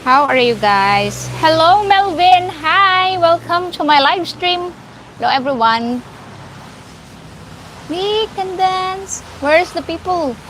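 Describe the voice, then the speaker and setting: A woman's voice: extremely high pitch, animated, slow pace, fairly bright tone, a little hiss or hum, poor audio. A woman with a Filipino accent hosting a casual live stream, greeting viewers by name and laughing often. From Philippines.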